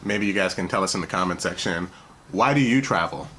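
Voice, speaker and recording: A man's voice: sits low, a little fast, fairly bright tone. A young man co-hosting a travel vlog, easygoing and encouraging as he speaks to viewers. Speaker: travel vlogger, channel co-host. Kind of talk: casual chat to camera. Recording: faint background noise.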